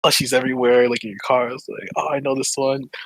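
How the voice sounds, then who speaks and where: A man's voice: mid-range voice, fast talker, no room sound, low-quality recording. A young man co-hosting a podcast, telling a story in a casual group chat and acting out what his friends said. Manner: animated storytelling, acts out quoted friends. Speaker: podcast co-host.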